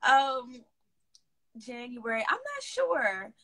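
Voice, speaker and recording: A woman with a mix of DC, Baltimore and Southern accents, chatting casually as host of a live stream and reading out viewer comments. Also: high-pitched. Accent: mixed DC, Baltimore and Southern US. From DMV area, United States. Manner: chatty, upbeat, talks fast when excited.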